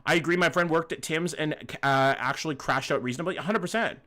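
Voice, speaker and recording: A man's voice: a little high, quick pace, sharp tone. A young Canadian man with a Canadian accent, streaming and chatting casually, blunt and swearing freely while answering his chat.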